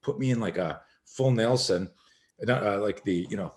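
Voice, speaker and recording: A middle-aged man, a self-defense instructor, telling an animated story as a podcast guest and acting out the voices in it. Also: lowish voice, moderate pace.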